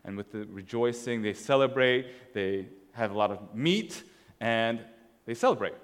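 A man's voice: medium pitch, expressive, unhurried, big-room sound. A man preaching a sermon in a casual, conversational way, telling a story as he walks through slides. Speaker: pastor.

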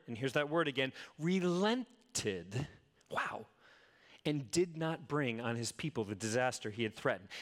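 A middle-aged man, a pastor, preaching a conversational sermon, animated and full of casual asides, swinging from loud exclaims to hushed near-whispers. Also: mid-range voice. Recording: long hall reverb.

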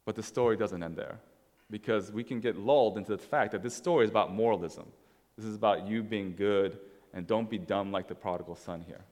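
A man's voice: lowish voice, a little fast, darkish tone, long reverb tail. A man preaching a sermon in a casual, conversational way, telling a story as he walks through slides. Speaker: pastor.

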